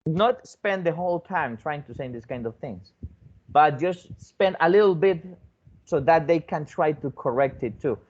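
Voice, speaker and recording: A foreign teacher who trains other teachers gives a teaching demonstration. His voice sits on the high side and is animated and darkish, at a moderate pace, on a muffled recording. He repeats words, restarts often, and keeps checking in with a rising "okay?"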